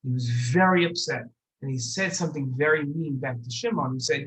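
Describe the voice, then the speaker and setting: Animated male storyteller for kids. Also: fairly high pitch, brisk, a little hiss or hum, rough recording. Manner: animated, expressive, addresses listeners directly. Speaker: rabbi storyteller. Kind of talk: storytelling for children.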